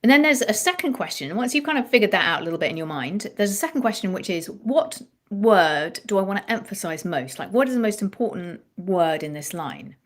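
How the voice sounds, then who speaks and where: A woman songwriting coach explaining ideas in an animated interview chat, restarting her phrases as she thinks aloud. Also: mid-range voice, fairly quick, few pauses.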